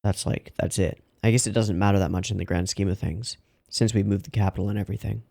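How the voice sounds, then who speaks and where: Host masculino de react, voz grave, fala solta e divagante, com explosões de empolgação. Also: male voice, fairly low pitch, quick pace, creaky. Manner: chatty, rambling, loud excited outbursts. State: yawning, sleepy. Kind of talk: casual reaction commentary.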